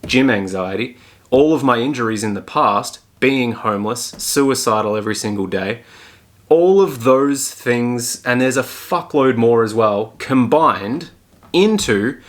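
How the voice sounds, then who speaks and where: A man's voice: mid-range voice, expressive, unhurried. A young man hosting a solo podcast, talking bluntly and frankly and swearing often. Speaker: podcast host and fitness coach. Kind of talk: casual solo podcast talk.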